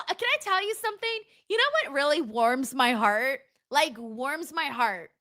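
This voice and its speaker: A young adult woman hosting a casual livestream, reading out viewer messages in an excitable way, laughing often and swearing freely. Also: sits high. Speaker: livestream host. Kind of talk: casual watch-along chat, reading viewer donations.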